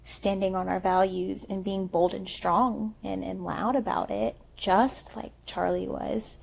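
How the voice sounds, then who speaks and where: A young woman co-hosting a podcast, telling her story in an animated, emphatic casual chat. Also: mid-range voice, measured pace, gravelly. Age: young adult. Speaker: podcast co-host.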